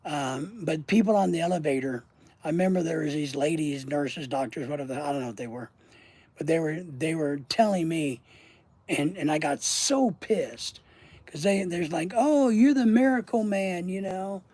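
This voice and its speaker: A man with a warm, mellow voice tells a rambling personal story to his channel's viewers, swearing freely and often trailing off mid-sentence. His voice sounds close and dry, with no room around it. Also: a little high, moderate pace, breathy edge, no room sound. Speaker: channel host. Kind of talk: casual livestream storytelling.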